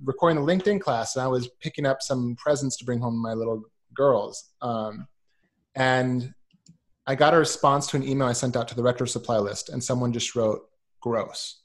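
A man in his thirties chatting as a podcast guest, telling stories with lots of ums and acting out what others said. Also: mid-range voice. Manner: animated, acts out quoted voices, many ums. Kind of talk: casual storytelling chat.

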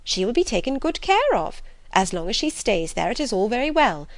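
A woman reading the part of an excitable middle-aged mother in an audiobook, gushing and emphatic. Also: a little high, brisk, no echo, pitched above the performer's own voice.

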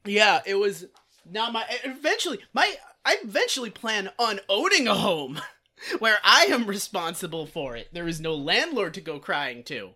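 Bright-voiced profane podcast man. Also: sits high, very animated, moderate pace. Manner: profane, rambling, many "like" fillers. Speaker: podcast co-host. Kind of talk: casual comedic storytelling.

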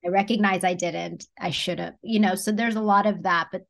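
Woman podcast co-host, gravelly voice, candid and reflective. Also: mid-range voice, fairly even intonation, fairly quick. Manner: candid, reflective, trailing off softly. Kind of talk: casual chat.

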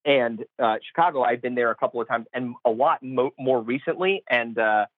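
A man's voice: medium pitch, normal speed, no echo. A man calling in, chatting casually and rambling with many fillers and restarts. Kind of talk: casual chat. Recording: tinny phone line.

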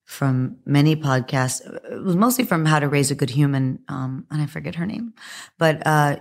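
Podcast guest, woman, low hoarse voice, lively storyteller. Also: moderate pace. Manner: animated, laughing, acts out quotes. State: hoarse from press junkets. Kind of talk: casual podcast interview.

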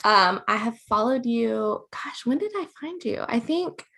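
A woman hosting a podcast who gushes over her guest with enthusiasm and big jumps in pitch. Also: lively intonation, unhurried, vocal fry, sharp tone, breathy edge. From US South. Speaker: podcast host. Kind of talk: podcast interview.

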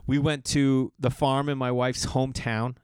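A man hosting his own podcast in a casual solo monologue, telling animated stories, acting out what others said, and swearing now and then. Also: medium pitch, moderate pace, clear, resonant tone, no echo. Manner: animated storytelling, acts out quoted people, swears casually. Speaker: podcast host.

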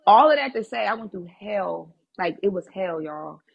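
A woman guest on a podcast, telling a personal story in a casual, animated and blunt way, swearing freely. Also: mid-range voice, moderate pace, creaky, breathy edge, highs cut off.

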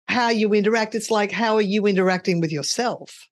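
A woman hosting a podcast interview, agreeing warmly and asking questions with restarts as she thinks aloud. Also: mid-range voice, fairly quick. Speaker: podcast host.

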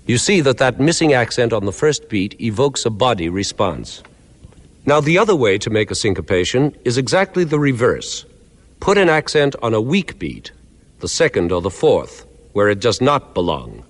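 Man, music lecture, measured and clear, animated pitch, echoing hall. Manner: clear, measured explaining, counting out beats. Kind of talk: explanatory lecture with counted demonstrations.

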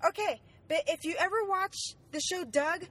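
A woman's voice: extremely high pitch, normal speed, slight background noise. A woman in casual chat, blunt and sardonic, grumbling about a movie. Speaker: guest in a movie discussion.

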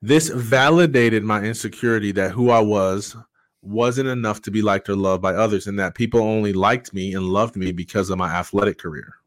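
Middle-aged man, low voice, dry close sound, candid guest sharing his story. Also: no room sound. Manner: earnest and candid, halting with frequent fillers. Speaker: podcast guest. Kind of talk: personal story in conversation.

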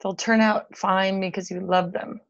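A woman co-hosts a podcast, talking frankly and reassuringly with a playful streak. Her voice sits in a middle pitch, and the recording sounds a little dull and muffled. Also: flat delivery, normal speed. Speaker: podcast co-host. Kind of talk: casual chat.

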